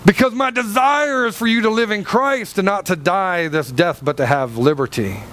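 In a church, a male pastor preaches a sermon in a high, fairly bright voice at a moderate pace, with slight background noise. He fires off rhetorical questions, and his delivery swings dramatically.

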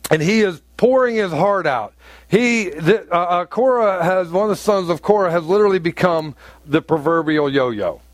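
A man's voice: sits high, no room sound. A male pastor preaching a sermon in a conversational way, asking the congregation questions and acting out taunts in a raised voice.

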